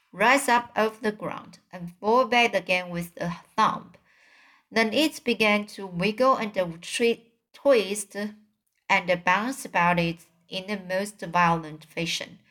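A woman reading a children's novel aloud in a slow, halting way, often restarting words. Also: mid-range voice, a bit bright. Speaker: reader.

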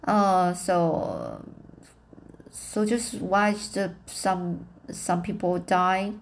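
A woman reading a novel aloud as an amateur audiobook, halting and self-correcting as she practices her English. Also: fairly low pitch, very animated, gravelly, a little hiss or hum. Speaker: reader of a novel.

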